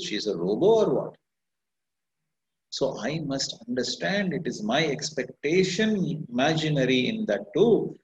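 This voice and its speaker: A middle-aged man, teaching meditation in an earnest, self-questioning way, with rhetorical questions. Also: medium pitch. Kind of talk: reflective spoken teaching. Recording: echoey, dull lo-fi room sound.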